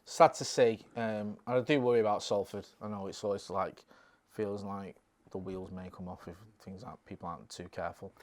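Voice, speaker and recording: A man's voice: lowish voice, a little fast. A man, a podcast co-host and former local radio reporter, chatting casually and acting out quotes as he tells stories. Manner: animated storyteller who acts out quotes. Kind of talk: casual chat.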